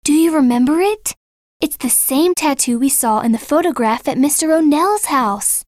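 A male narrator voicing a nervous, excited teenage girl detective in an audiobook, with a high, breathy voice. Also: normal speed, no room sound, studio quality. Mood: urgent. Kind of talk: audiobook character voice.

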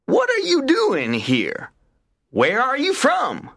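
A man voicing a friendly, talkative male rabbit who is quick to anger, in a high, slow, drawn-out voice. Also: wildly swooping pitch, creaky, a bit bright, exaggerated voice.

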